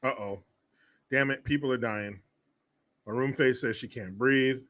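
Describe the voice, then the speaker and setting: A man hosting a political commentary show, sarcastic and animated, often laughing and swearing. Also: mid-range voice, unhurried. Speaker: host.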